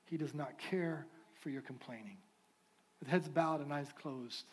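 A man preaching a sermon as pastor of a church, moving from fervent declarations to a softer, prayerful tone. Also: fairly high pitch, unhurried, breathy edge. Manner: impassioned preaching, shifting to soft prayerful tones. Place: church sanctuary.

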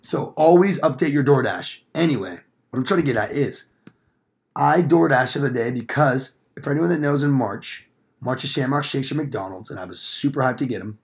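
A young man co-hosting a podcast rambles through a profane story in a casual way, voicing the quoted lines himself. His voice is medium-pitched and his delivery brisk.

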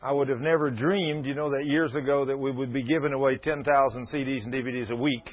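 Speaking fast in a steady, medium-pitched voice, a man in his sixties preaches folksy, emphatic words to a congregation. He shifts into fervent prayer partway through this sermon, recorded in dull lo-fi.

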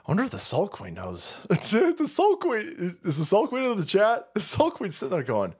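A man's voice: high-pitched, huge pitch swings, moderate pace, hardly any pauses, husky. Profane, sarcastic male streamer. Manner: profane, sarcastic, laughing often. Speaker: streamer host. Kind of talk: livestream commentary rant.

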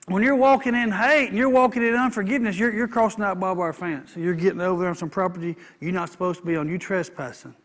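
Speaking a little fast in a high, somewhat bright voice, a pastor preaches to his congregation. He keeps it folksy, circling back to the same lines and calling out for amens.

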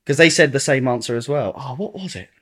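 A man's voice: medium pitch, fast talker, a bit bright, reverberant. A man co-hosting a casual podcast, teasing his friend and laughing easily. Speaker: podcast co-host. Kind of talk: casual chat.

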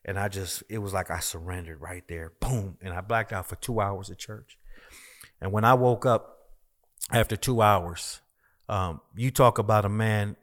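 A man's voice: lowish voice, measured pace, fairly bright tone. A man, a minister, telling his personal testimony as a guest in a conversation, emphatic and repetitive as he tells the story.

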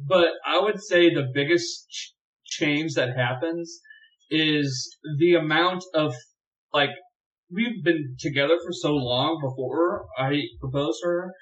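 A young man chatting as a podcast guest, telling animated stories and laughing often. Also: a little high, takes it slowly, low-quality recording. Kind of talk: casual chat.

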